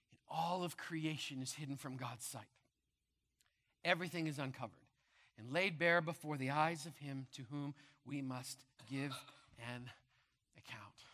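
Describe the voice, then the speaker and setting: A man preaching a sermon as pastor with impassioned delivery, rising to loud proclamations and dropping to hushed tones. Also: a little high, breathy edge. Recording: long reverb of a large hall.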